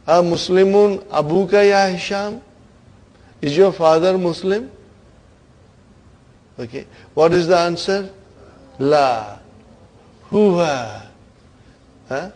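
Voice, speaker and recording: A man teaching an Arabic grammar lesson to students, coaxing them along, stretching key words and trailing off softly at the ends of phrases. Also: high-pitched, lively intonation, slow, pauses often, rough recording. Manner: coaxing, keeps asking "are you with me, brother?".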